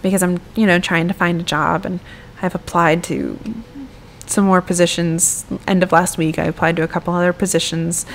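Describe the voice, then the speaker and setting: A woman's voice: fairly low pitch, little pitch movement, normal speed, slight background noise. Chatty, swearing American woman gamer. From United States. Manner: chatty and rambling, swears freely. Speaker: gaming YouTuber. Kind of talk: casual gameplay commentary.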